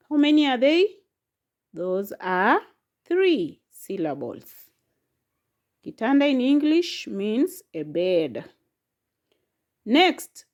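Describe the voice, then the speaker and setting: A woman teaching a language lesson, speaking slowly and patiently, repeating each word and sounding out its syllables one at a time. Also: on the high side, a little mellow. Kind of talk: slow, patient classroom lesson.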